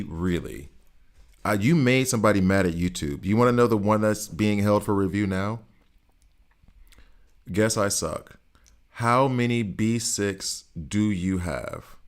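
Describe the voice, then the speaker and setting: A middle-aged man chatting casually on a game live stream, teasing his chat and reacting to gameplay. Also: deep voice. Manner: chatty, teasing chat readers, talks to viewers while playing. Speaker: gaming streamer.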